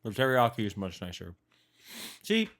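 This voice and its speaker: A man's voice: on the low side, wildly swooping pitch, moderate pace, fairly bright tone. A young man co-hosting a snack-tasting podcast, chatting in an easygoing way, sometimes with his mouth full. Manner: easygoing, chats while chewing. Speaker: podcast co-host. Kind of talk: casual snack-tasting chat.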